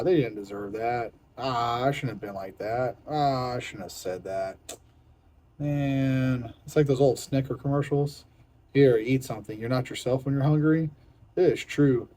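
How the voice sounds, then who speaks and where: Hungry and cranky from a strict diet, a young man vlogs casually to camera, speaking bluntly and going over the same points again. He has a medium-pitched, dark voice, captured on a rough recording.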